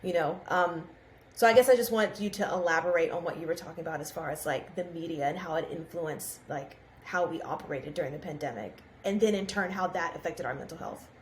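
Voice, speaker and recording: A woman with a lowish voice hosts a podcast in a casual chat and steers it with long, rambling questions. The room is echoey, with a faint hiss behind her. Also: brisk. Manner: steers the talk with long, filler-laden questions. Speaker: podcast co-host.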